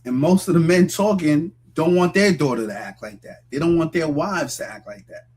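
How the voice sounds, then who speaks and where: A male host giving measured, moralizing commentary that speaks straight to his listeners. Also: fairly high pitch, darkish tone, husky. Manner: measured, moralizing, direct address.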